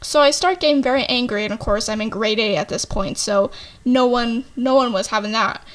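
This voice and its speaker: A woman's voice: on the high side, fairly quick. A young woman casually telling a storytime tale, full of fillers and "like," and swearing freely. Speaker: vlogger.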